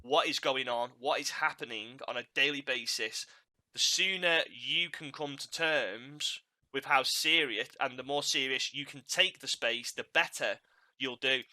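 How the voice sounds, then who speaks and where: A man's voice: medium pitch, unhurried, bright, forceful tone. A man hosting a podcast, chatting casually and animatedly, laughing at his own mishaps and repeating words as he goes. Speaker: podcast host.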